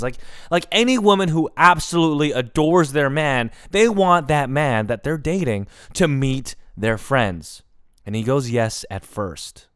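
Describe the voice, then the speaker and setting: Man, comedy podcast host, animated storytelling, swears a lot, smooth crisp voice, dry close sound. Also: medium pitch, a little slow, no room sound. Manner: animated, profane, prone to tangents.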